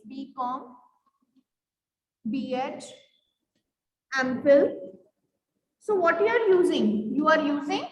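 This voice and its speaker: A woman teaching a grammar class, repeating her questions to the students and filling with "you can say". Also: high voice. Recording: echoey room with long reverb.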